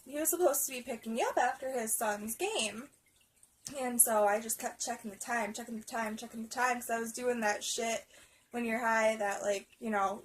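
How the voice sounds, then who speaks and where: A woman's voice: on the high side, slight background noise, low-quality recording. A young adult woman telling a rambling storytime vlog story, swearing constantly and laughing as she goes. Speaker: vlogger. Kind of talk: casual storytime.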